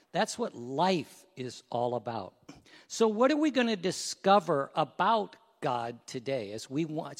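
A man pastor preaching a sermon. He tells stories with loud peaks, then drops to a hushed prayer in a church sanctuary. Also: high-pitched, big-room sound.

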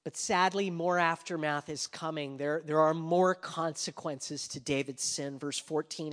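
A pastor preaching a sermon with passion, rising to loud emphasis and dropping to hushed whispers. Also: male voice, fairly high pitch, steady tone, a little slow, few pauses. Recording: long hall reverb.

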